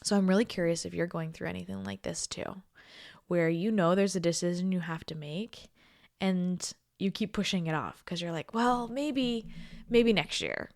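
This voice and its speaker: Woman podcast host, thirties, lowish voice, tired and emotional, confiding, drops to near-whispers, dry close sound. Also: fairly even intonation, moderate pace, gravelly, no room sound. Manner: reflective and confiding, drifting into soft near-whispers, laughing often. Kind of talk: casual solo podcast talk.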